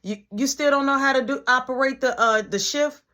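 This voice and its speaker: A woman's voice: sits high, brisk, bright, forceful tone, voice pushed up. A woman voicing a stern female shift manager who barks clipped, commanding orders. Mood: scolding.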